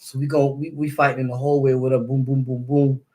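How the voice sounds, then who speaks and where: A man's voice: mid-range voice, little pitch movement, fairly quick, dark tone. Man with a New York accent telling a story. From East New York, Brooklyn. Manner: loose street slang, repeats words and sound effects. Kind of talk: casual storytelling.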